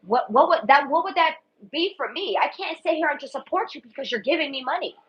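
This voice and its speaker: This woman's voice sits high, and she's expressive and talks fast while doing a casual tarot reading for her viewers. Blunt, emphatic and full of swearing, she keeps repeating herself, and the sound is dull and lo-fi.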